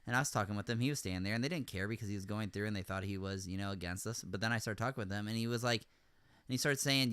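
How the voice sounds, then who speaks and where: A man hosting a podcast, recounting events in casual chat, rambling with many fillers and getting animated when he rants. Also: fairly low pitch, fast talker, clear, resonant tone, no echo, clean studio sound. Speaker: podcast host.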